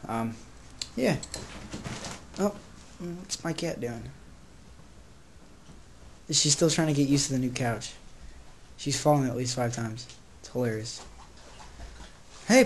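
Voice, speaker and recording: Brash, rambling teenage boy vlogger. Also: slight background noise. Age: teens. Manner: brash and crude, swings between loud outbursts and low mutters; rambling, jokey, easily sidetracked. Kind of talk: casual vlog rant.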